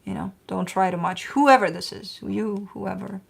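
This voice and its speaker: A woman casually reading tarot cards on a livestream, chatty and rambling, who breaks off to coo at her pets in a high, excited voice. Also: normal speed, creaky, slightly rough. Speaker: tarot reader.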